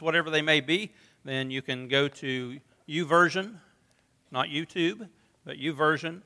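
A man's voice: on the high side, bright, forceful tone. A middle-aged male pastor preaching a sermon in a conversational, storytelling way with touches of humor. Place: church sanctuary. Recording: long reverb of a church hall.

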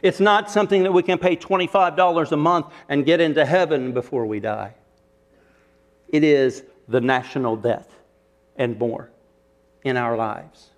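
A man's voice: fairly high pitch, moderate pace. A man preaching a sermon, retelling a parable with rhetorical questions and shifting emphasis. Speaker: pastor.

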